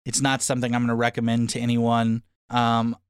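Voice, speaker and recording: A man co-hosting a podcast, talking through a movie review in a loose, rambling way. His voice is smooth and resonant, recorded dry and close with no room sound. He is frank and a bit mocking. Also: medium pitch, completely flat delivery, fairly quick, dry recording. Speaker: podcast co-host. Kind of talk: casual review chat.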